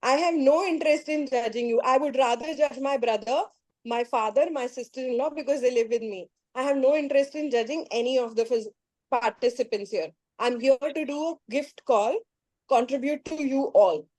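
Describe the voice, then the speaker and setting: Firm woman facilitator on a video call; high-pitched, dry close sound, insistent delivery. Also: normal speed, darkish tone, no echo, low-quality recording. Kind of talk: group call talk.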